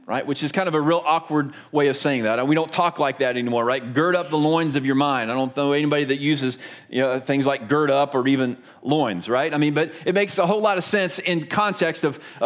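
A man's voice: a little high, fairly bright tone. A man in his forties from Florida, preaching a sermon in a chatty, storytelling way and asking the congregation questions. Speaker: pastor.

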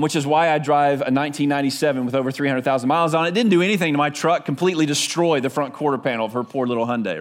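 A male pastor preaching a sermon in a church, telling stories conversationally with frequent "right?" asides. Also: fairly high pitch.

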